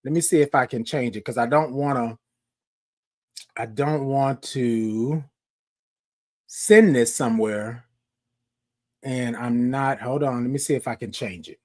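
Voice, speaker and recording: A man's voice: medium pitch, a little slow, long pauses, darkish tone. A man hosting a live morning show, chatting casually with viewers, talking to them directly and often repeating himself. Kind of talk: casual livestream chat.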